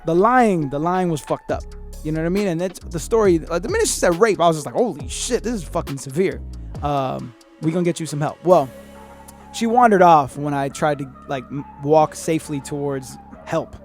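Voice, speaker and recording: A man hosting a podcast, telling a story in a rambling, profane, animated way and acting out what people said. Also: a little high, a little fast, soft background music. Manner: profane, rambling, animated retelling with acted-out quotes. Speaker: podcast host. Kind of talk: casual storytelling.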